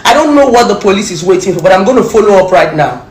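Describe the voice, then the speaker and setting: A Nigerian woman tears into her target in a scolding, confrontational rant, hammering the same insults again and again. Her voice sits at an ordinary middle pitch. It rings off the walls of a reverberant room, with faint music underneath. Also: expressive, quick pace, few pauses, darkish tone. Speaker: social media commentator. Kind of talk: angry direct-to-camera rant.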